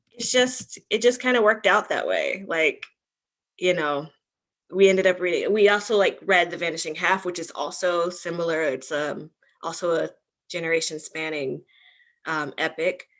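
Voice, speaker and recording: A woman's voice: fairly low pitch, a bit bright. A young woman hosting an online book club livestream, talking casually and rambling with many ums and likes.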